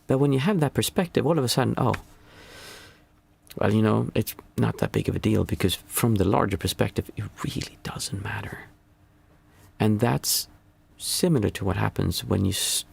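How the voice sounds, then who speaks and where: A man with a low, gravelly voice gives a reflective talk as a meditation teacher. His tone is husky and rough, and he muses calmly, often circling back to restart a thought. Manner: calm and musing, with frequent restarts.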